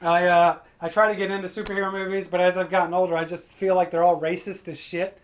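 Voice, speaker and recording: A man doing a stand-up comedy set, crude and energetic, breaking into acted-out voices for his punchlines. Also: sits high, quick pace. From Pacific Northwest of the USA. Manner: crude, energetic joke delivery with acted-out quotes.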